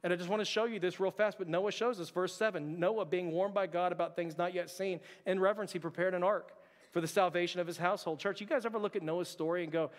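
A male pastor delivers a sermon built on personal storytelling in a church sanctuary, lively and humorous and fast, sometimes sinking to a near-whisper when quoting his own inner thoughts. His voice sits fairly high for a man and rings out with a long, trailing reverb.

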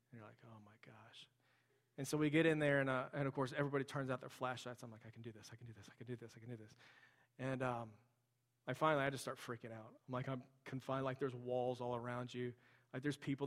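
A young adult man, a pastor, preaching a sermon in a conversational way with casual asides, in a large church sanctuary. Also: mid-range voice. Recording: long hall reverb.

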